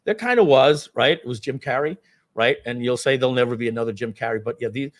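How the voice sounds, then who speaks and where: A man's voice: mid-range voice, quick pace. Male livestream host, casual anecdotal storyteller, meandering delivery. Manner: rambling, many fillers, acts out quotes. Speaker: webinar host.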